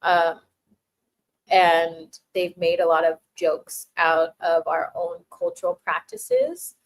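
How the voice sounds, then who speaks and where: Speaking slowly, with big swings in pitch from a lowish voice, a woman runs a relaxed live Q&A, laughing and gratefully thanking the viewers whose chat messages she reads. Her talk is full of fillers and false starts. Slight background noise and poor audio mar the clip.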